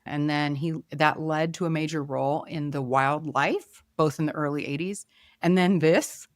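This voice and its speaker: A woman hosting a film podcast in a chatty, wandering way, voice a touch low. She muses aloud, trails off and picks her thoughts back up. The sound is close and dry. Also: steady tone, normal speed, dry recording. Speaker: podcast host. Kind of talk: casual film review chat.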